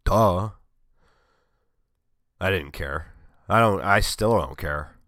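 A man with a very low voice, worn and strained from a cold, chats casually into his desk mic. He rambles and jokes at his own expense with dry sarcasm. The sound is close and dead, with no room echo. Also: slow, a bit bright. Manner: sarcastic, rambling, self-mocking. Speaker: vlogger. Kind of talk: casual chat.

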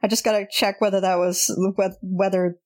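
A woman narrating as game master, explaining things in a measured way and laughing often. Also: medium pitch, level tone, darkish tone.

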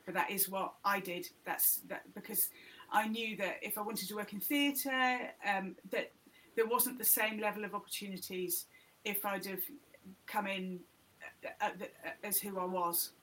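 Woman, middle-class English accent, bright clear tone, frank lively podcast guest talk. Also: mid-range voice, unhurried, low-quality recording. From north of England. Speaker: guest, TEDx organiser. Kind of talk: casual podcast chat.

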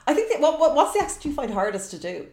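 A woman's voice: high-pitched, big pitch swings, fast, darkish tone, echoey room. A woman co-hosting a podcast in casual chat, playful and self-mocking. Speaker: podcast co-host.

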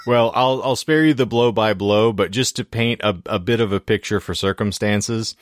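A man co-hosting a podcast with a hoarse, sore throat, telling long rambling stories with wry asides. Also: lowish voice, moderate pace, no room sound, studio quality. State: hoarse throat after illness. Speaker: podcast co-host. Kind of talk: casual podcast chat.

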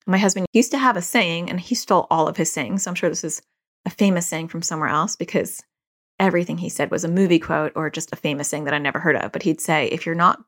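A woman in her forties who hosts a podcast and works as a parenting coach gives casual parenting advice, repeating key phrases for emphasis. She speaks quickly in a fairly low-pitched voice.

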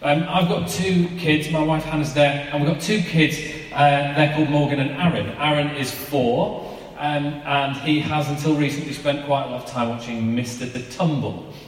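A man's voice: a little high, fairly even intonation, moderate pace. A man, giving an informal, chatty sermon and asking his listeners rhetorical questions. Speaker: preacher. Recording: echoey hall from far off.

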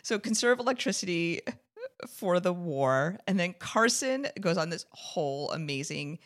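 A woman with a notably low voice recaps a TV episode for a podcast. She chats casually, laughs a lot and acts out the characters' lines as she goes. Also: measured pace. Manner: animated, laughing, acts out quotes. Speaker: podcast co-host.

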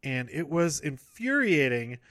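A man's voice: on the high side, sing-song, a little slow, a bit bright, dry recording, clean studio sound. Rambling man recapping a show. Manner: rambling, self-correcting, laughs often. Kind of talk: casual wrestling show recap.

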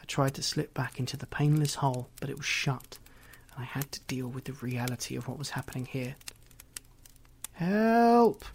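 A man's voice: medium pitch, level tone, brisk, creaky, a little hiss or hum. A man reading a first-person story aloud in a reflective way. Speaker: narrator. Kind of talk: audiobook reading.

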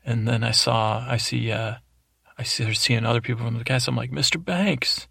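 Man, bedtime story host, very gravelly, flat monotone, meandering and droning, close dry mic. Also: mid-range voice, brisk, no room sound. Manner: meandering, droning, self-interrupting. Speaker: podcast host. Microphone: close studio microphone.

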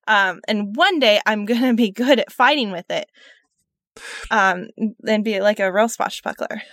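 A woman playing a tabletop game, playful and quick to laugh, stammering in character. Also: medium pitch, fairly bright tone, dry recording. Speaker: player. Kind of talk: tabletop role-play.

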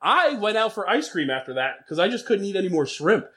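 A man co-hosting a casual podcast chat, animated and swearing, laughing often. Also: high-pitched, a little fast, a crowd in the background. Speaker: podcast co-host.

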